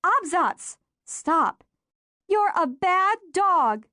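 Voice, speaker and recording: A woman voicing a spirited, sharp-tongued young girl in an audiobook. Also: extremely high pitch, sing-song, drawn-out words, dry recording, studio quality, voice pushed up, full character voice. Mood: shouting. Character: spirited young girl, quick to tease and scold. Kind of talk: audiobook character voice.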